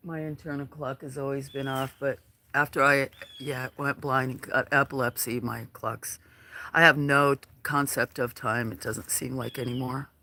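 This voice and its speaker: A man hosting a casual livestream outdoors at a farm, talking in a soft, hesitant way with lots of fillers. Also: mid-range voice, little pitch movement. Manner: slow, soft-spoken, hesitant with many fillers. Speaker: livestream host.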